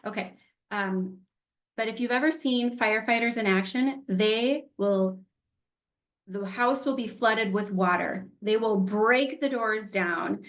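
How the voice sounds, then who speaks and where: A woman's voice: medium pitch, slow. A middle-aged woman teaching an online healing class, chatty and candid, laughing easily. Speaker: workshop teacher.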